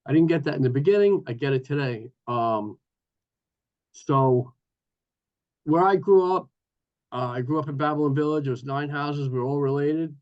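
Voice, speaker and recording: A man in his sixties from New York, sharing his recovery story at a meeting in a lively, joking way over a video call. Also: on the high side, normal speed, pauses often, muffled recording. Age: 60s. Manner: lively storytelling with playful asides. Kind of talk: personal recovery share.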